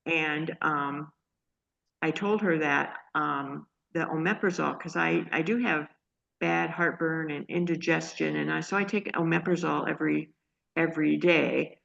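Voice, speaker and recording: A woman telling her own story in a casual, halting way, full of restarts and fillers, earnest and excited. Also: low-pitched, vocal fry. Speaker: guest sharing a healing testimony. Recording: dull lo-fi audio.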